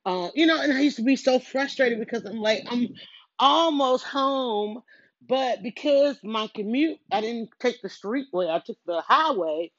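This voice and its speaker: A woman's voice: medium pitch, no echo, muffled recording. Chatty woman on a headset. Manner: chatty, self-interrupting, storytelling with quoted self-talk. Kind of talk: casual rambling vlog while doing chores. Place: at home, moving between rooms.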